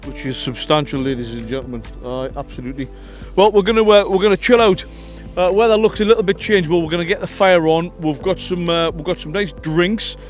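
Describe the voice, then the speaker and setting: A man hosting a casual outdoor camping vlog, joking and calling the viewers ladies and gentlemen. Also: fairly high pitch, brisk, few pauses, soft background music. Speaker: vlog host. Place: outdoors at a windy campsite.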